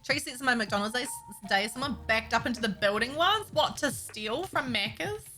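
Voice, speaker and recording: Giggly woman streamer, bright voice. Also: a little high, animated, normal speed, soft background music. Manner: chatty, giggly, talks to herself. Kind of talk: casual chat while building a game map.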